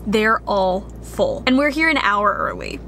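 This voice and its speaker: A woman's voice: medium pitch, wildly swooping pitch, measured pace, vocal fry, bright, forceful tone. A woman co-hosting a casual vlog, bubbly and giggly, talking to a handheld camera. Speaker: vlog co-host. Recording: outdoor camera audio with street noise.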